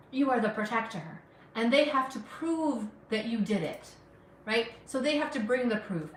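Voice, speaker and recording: A woman chats with her livestream viewers while she cooks, teasing them and answering their comments. Her voice sits a little high. She stands back from the mic in a roomy kitchen, with a faint hum of ambience behind her. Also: fairly bright tone, distant mic. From United States. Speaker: criminal defense lawyer cooking on a livestream. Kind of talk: casual livestream chat. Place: home kitchen.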